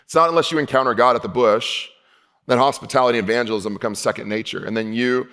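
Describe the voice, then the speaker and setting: Man preaching a conversational sermon. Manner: conversational preaching, slows down for emphasis, drops low and quiet for key points. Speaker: pastor. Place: church hall.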